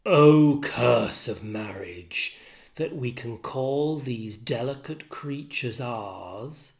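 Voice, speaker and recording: A man voicing Othello, a tormented, jealous older husband, in a low, brooding recitation of verse. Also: animated, extremely slow, gravelly, full character voice.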